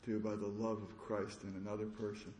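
A man's voice: fairly low pitch, level tone, a little mellow, a little hiss or hum. Earnest man preaching in an echoey room. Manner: halting, earnest storytelling with many restarts. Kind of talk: conference sermon.

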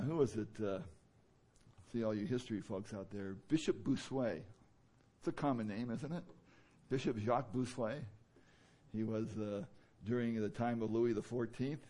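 A man preaching a sermon in a conversational way, with many fillers, who now and then rises into loud, emphatic bursts. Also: medium pitch. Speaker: pastor.

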